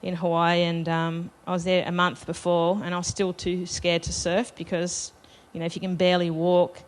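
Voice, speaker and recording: A woman's voice: on the low side, monotone, normal speed. A woman telling a personal story to a live festival audience, chatty and self-deprecating, laughing between lines. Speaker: festival panel speaker.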